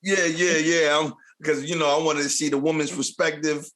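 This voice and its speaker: A man's voice: a little high, steady tone, normal speed, fairly bright tone. Laid-back male podcast host. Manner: laid-back, agreeable, full of yeahs. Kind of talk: casual interview chat.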